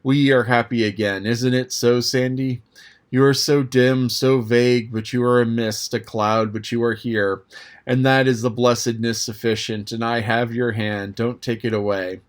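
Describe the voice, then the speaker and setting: A man's voice: mid-range voice, little pitch movement, moderate pace, natural voice. Man reading as a dying man in delirium; tender, pleading, broken, for a storybook. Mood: tender longing.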